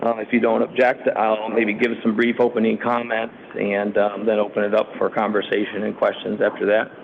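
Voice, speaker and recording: A man on city staff giving a formal presentation to a council committee, steady, with frequent ums and uhs. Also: on the low side, brisk, vocal fry, a little hiss or hum. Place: council meeting room. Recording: tinny lo-fi meeting audio.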